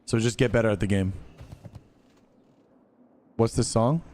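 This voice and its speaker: A man's voice: fairly low pitch, a little slow, a little mellow. A man streaming a game and chatting casually with viewers, laid-back, slangy and blunt. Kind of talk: casual live-stream chat.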